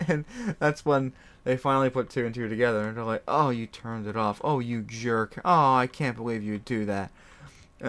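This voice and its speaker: A young man hosting a gaming video, telling a rambling story with lots of fillers and frequent laughter. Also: mid-range voice. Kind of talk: casual storytelling while playing a game.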